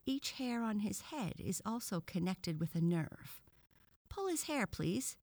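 A woman's voice: medium pitch, very animated, unhurried, a little mellow, dry recording, voice pushed up. Woman doing a pompous frog professor. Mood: lecturing. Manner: formal lecturing tone. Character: pompous male frog professor, lecturing, stern.

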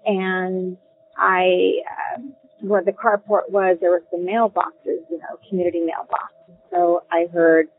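A woman telling a personal ghost story in a casual, halting way, with many ums and restarts. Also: on the low side, little pitch movement. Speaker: caller sharing a ghost story. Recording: tinny phone line.

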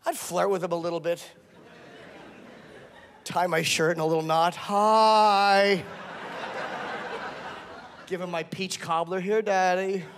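High-voiced male comic in an echoey club. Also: level tone, normal speed, pauses often, crowd noise. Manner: crude, self-mocking, acts out voices in bits. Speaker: stand-up comedian. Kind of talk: stand-up comedy set. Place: comedy club stage before a laughing audience. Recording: echoey live room with audience noise.

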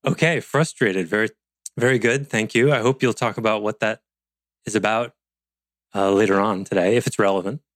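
A man's voice: lowish voice, moderate pace, no echo. A man teaching an online leadership class over a video call, rambling with playful asides and self-interruptions. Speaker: course instructor.

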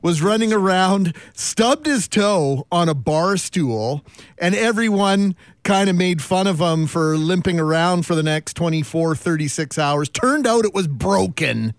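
High-voiced man telling a story. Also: lively intonation, measured pace, no room sound, studio quality. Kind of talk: casual storytelling on talk radio.

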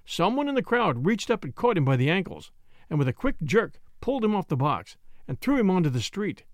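Man reading a classic story aloud, expressive and high-pitched, dead-dry close recording. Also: a little fast, no room sound. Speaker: audiobook narrator. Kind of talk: scripted narration.

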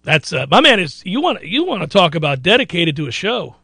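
A man's voice: high-pitched, very animated, a little fast, sharp tone, husky, no room sound. A man hosting a sports talk radio show, boastful and joking, rambling between bets and news.

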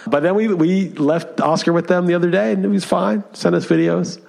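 A man co-hosting a podcast, telling a story in casual chat, animated and full of fillers. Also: sits high, a little fast, creaky. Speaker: podcast co-host.

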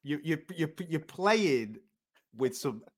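A man's voice: fairly high pitch, sing-song, slow. A man co-hosting a podcast, talking casually and emphatically, often restarting to find his words. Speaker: podcast co-host. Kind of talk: casual chat.

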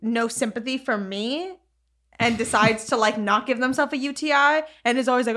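A woman's voice: high voice, moderate pace, pushed and bright. A woman in casual chat, blunt and profane, laughing easily. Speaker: podcast co-host.

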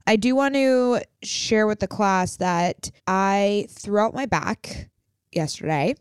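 A woman's voice: mid-range voice, slow pace, clear, resonant tone, no echo, studio quality. A young woman co-hosting a podcast with her sister, chatting in a bubbly, playful way. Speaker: podcast co-host. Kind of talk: casual chat.

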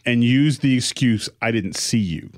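A man's voice: medium pitch, unhurried. Middle-aged male co-host, conversational storyteller with a mid-range voice. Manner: animated storyteller, acts out quoted voices. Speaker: podcast co-host. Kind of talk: casual chat.

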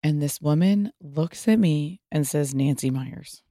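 Recorded cleanly in a studio with no echo, a deep-voiced woman in her thirties speaks at a measured pace. The Pasadena, California native hosts a podcast, telling a story casually and animatedly, swearing freely and acting out quotes.

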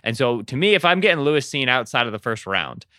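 A man with a bright, forward voice chats casually about football prospects, recorded dry and close. He is from Pennsylvania. Now and then he slips into animated announcer-style voices. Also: mid-range voice, fast talker, clear, resonant tone, no room sound. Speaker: podcast co-host, draft analyst. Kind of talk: casual chat.

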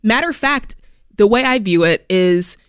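A woman hosting a money advice radio show, talking in an energetic, motivational way and acting out quotes. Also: moderate pace, smooth, no echo, clean studio sound. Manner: energetic, animated, acts out quotes in a higher voice. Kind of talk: upbeat motivational radio talk.

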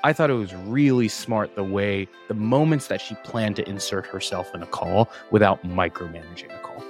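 A man's voice: on the low side, normal speed, soft background music. A man hosting a podcast, casual and joking in an upbeat way. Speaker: podcast host.

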